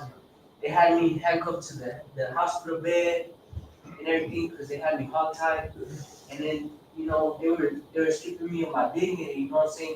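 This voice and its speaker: A man sharing his recovery story in a group. He rambles, swears, repeats himself and acts out quoted dialogue. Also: on the high side. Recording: echoey room from far off with background noise.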